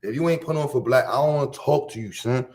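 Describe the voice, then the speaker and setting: A man's voice: mid-range voice, fast. Brash, profane man from Harlem. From Harlem, New York. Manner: profane, boastful street slang, loud bursts. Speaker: livestream host. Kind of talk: casual livestream rant.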